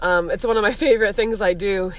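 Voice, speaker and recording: A woman's voice: medium pitch, fast, a bit bright. A young woman, a comedian, chatting casually on a podcast, rambling with lots of "like" and frequent laughs. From Columbus, Ohio area. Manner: giggly, rambling, heavy use of "like". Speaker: guest comedian.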